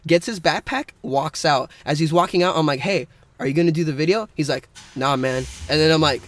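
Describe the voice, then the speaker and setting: A man's voice: on the high side, a little fast. A young man co-hosting a casual podcast, rambling through a story and laughing often. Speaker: podcast co-host.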